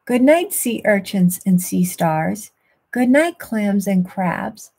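A woman's voice: mid-range voice, expressive, slow pace, a little mellow, breathy edge, full character voice. A woman voicing a sweet young sea otter pup in a bedtime storybook, calling out sing-song goodnights. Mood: eager.

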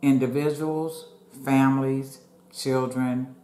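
A woman's voice: a bass voice, steady tone, slow pace, mellow, reverberant. A woman vlogger chatting casually to viewers while she eats, sometimes talking with her mouth full. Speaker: mukbang vlogger. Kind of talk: casual chat while eating.

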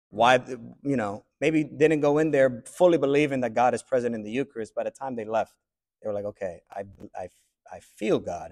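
A man teaching a class, thinking aloud in a reflective way with pauses. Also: lowish voice, a little mellow. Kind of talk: classroom discussion.

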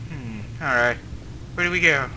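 Over game music and gunfire, a young man rambles and jokes through casual let's-play commentary, talking to the characters on screen. His mid-range voice is pushed and bright at normal speed, and the rough recording carries a little hiss or hum.

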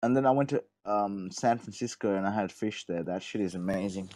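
A man's voice: on the low side, brisk, a little mellow, slight background noise. A young man with an Australian accent chatting in loose, profane, boastful talk over voice chat on a gaming stream. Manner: swears constantly, loose and boastful. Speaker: livestream gamer. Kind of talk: casual chat over voice call.

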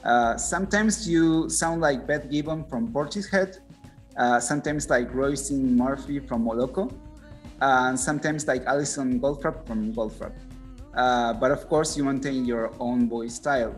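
A male podcast host whose first language is Spanish asks his questions in halting English, stopping and restarting with many "uh"s. His voice sits in an ordinary middle pitch, with faint music in the background. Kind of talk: casual interview conversation.

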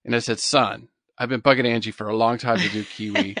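A man in his thirties co-hosting a podcast, talking in an excited, rambling way with many restarts. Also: lowish voice, a little fast, dry recording, clean studio sound. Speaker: podcast co-host. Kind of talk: casual chat.

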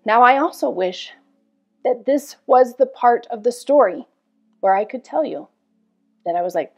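A woman in her thirties, a health coach, telling a personal story in a candid, animated way with casual swearing. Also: medium pitch, muffled recording. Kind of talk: storytelling promo talk.

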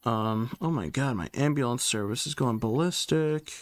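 A young man giving casual gameplay commentary as he sorts items and talks to himself, trailing off into fillers, and he gets loud and excitable once a fight starts. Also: mid-range voice, normal speed. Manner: excitable, yells taunts when a fight starts. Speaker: gaming YouTuber.

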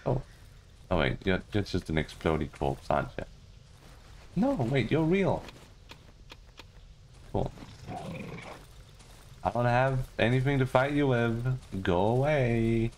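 A man from Denmark giving goofy, casual commentary on a game he is playing, talking to the characters and jumping into high squeals. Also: very animated, takes it slowly, long pauses, a little mellow, a little hiss or hum. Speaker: gaming streamer.

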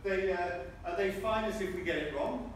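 A man's voice: high voice, moderate pace. A man, a member of parliament, giving an earnest, emphatic speech at a political rally in a large public hall. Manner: earnest, emphatic, with asides to the crowd. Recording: echoey hall from far off, noisy.

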